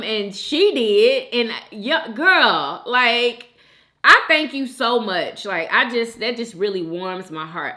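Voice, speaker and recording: A woman hosting a mukbang chat, reading viewer comments aloud, animated and quick to laugh and get emotional. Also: medium pitch. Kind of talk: casual chat.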